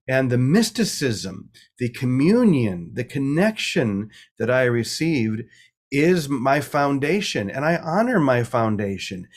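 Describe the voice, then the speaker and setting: A middle-aged man with a mid-pitched voice speaks as a guest priest. He talks in a reflective, storytelling way and laughs easily. His pace is relaxed and unhurried. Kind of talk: casual spiritual talk.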